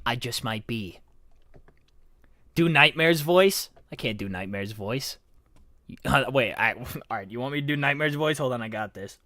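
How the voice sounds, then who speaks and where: A young man streams in character as a laid-back male skeleton fan character, chatting casually in an easygoing, giggly, self-mocking way. His mid-range voice is expressive and sharp in tone, with a measured pace.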